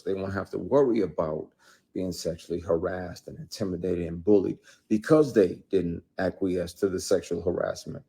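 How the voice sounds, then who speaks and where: A man with a deep, husky voice speaks with blunt intensity. He is emphatic and swears freely, like an actor speaking out in an interview. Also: dark tone. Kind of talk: impassioned interview testimony.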